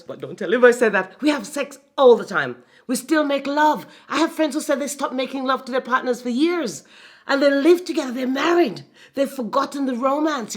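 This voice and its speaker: A middle-aged woman hosting a frank, playful talk about her long marriage and giving relationship advice to viewers. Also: mid-range voice. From Jamaica. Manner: animated, frank and playful, addressing viewers as guys. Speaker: host.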